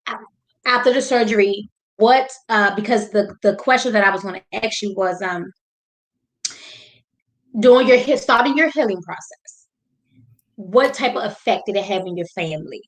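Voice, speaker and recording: A woman hosting a faith-based talk show, encouraging her guest in quick bursts of speech. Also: mid-range voice. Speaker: host.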